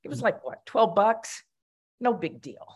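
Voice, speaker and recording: A woman's voice: medium pitch, very animated, unhurried, breathy edge. An older woman, a commission member, giving a spoken reflection at a meeting in a conversational storytelling way, with fillers and restarts.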